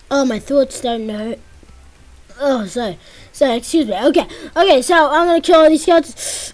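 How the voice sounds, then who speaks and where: A woman giving casual let's-play commentary as she plays, excitable and yelping and pleading whenever danger strikes. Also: high-pitched, normal speed, pauses often. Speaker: gameplay commentator.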